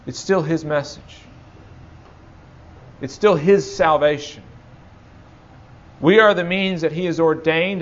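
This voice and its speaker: A man's voice: on the high side, dull audio. A man in his thirties preaching a sermon with passion, repeating phrases for emphasis and acting out quotes. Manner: impassioned, dramatic quoting, repeats for emphasis. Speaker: pastor.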